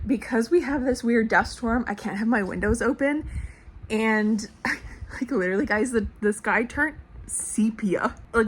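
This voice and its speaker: Young female book vlogger, mid-range voice, excitable and profane, casual home chat. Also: medium pitch, slight background noise. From Canadian prairies. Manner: chatty, excitable, swears freely, lots of "like". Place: home at night. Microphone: small clip-on mic.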